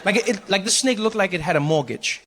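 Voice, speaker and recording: A man in his forties telling a stand-up story, animated and self-mocking, acting out the scenes. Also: sits high, fast. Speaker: stand-up comedian.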